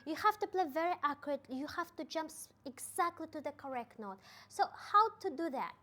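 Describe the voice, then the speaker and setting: A woman's voice: sits high, fairly bright tone. A young woman with a Kazakh accent explaining piano octave technique, counting out the hand actions aloud as she demonstrates. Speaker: piano teacher.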